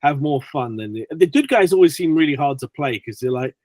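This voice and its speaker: A British man, an actor, chatting as an interview guest and telling lively stories with acted-out quotes. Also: on the high side, brisk, no echo. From Britain. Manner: animated storyteller acting out quotes. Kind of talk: casual interview chat.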